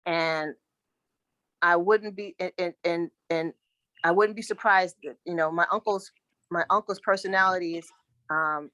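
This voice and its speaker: A woman answering questions at a spiritual reading, speaking haltingly with repeated restarts. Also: fairly low pitch, fairly even intonation, bright, forceful tone, no echo. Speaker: client at a psychic reading. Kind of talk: casual conversation.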